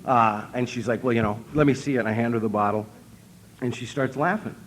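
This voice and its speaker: A man with an Upper Midwest American accent giving a humorous recovery talk from a convention stage, telling stories in a deadpan, self-mocking way and acting out what people said. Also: medium pitch, fairly quick, noisy background. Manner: storytelling, deadpan self-mocking, acts out quotes. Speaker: speaker at an AA convention.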